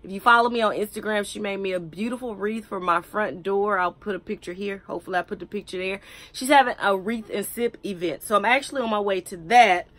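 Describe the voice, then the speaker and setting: A woman's voice: mid-range voice, fast, hardly any pauses, fairly bright tone. A woman, chatting to camera in a wig review vlog, joking and teasing herself. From United States. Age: 30s. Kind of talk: casual chat to camera.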